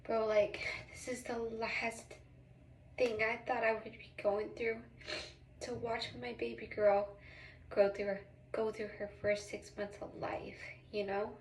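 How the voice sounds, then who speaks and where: Tearful and emotional, a mother vlogs a rambling confessional in casual slang, close to crying. Her voice is fairly high, flat, and a little slow, caught off-mic in an echoey small bathroom with slight hiss or hum.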